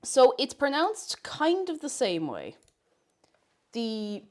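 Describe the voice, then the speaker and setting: A woman's voice: fairly high pitch, sing-song, normal speed, a little mellow, soft background music. A woman chatting casually on a live stream while she cooks, playful and giggly, repeating words for fun.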